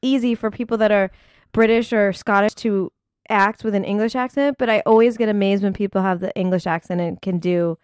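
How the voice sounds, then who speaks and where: A woman's voice: medium pitch, steady tone, darkish tone, smooth, no room sound, studio quality. Blunt, joking woman podcast co-host. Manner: blunt, joking, quick reactions. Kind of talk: casual podcast chat.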